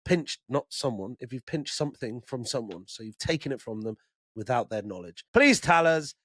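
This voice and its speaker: A man's voice: medium pitch, normal speed, dry recording. Sweary man telling stories on a podcast. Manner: sweary, animated storytelling. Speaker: podcast co-host. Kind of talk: casual chat.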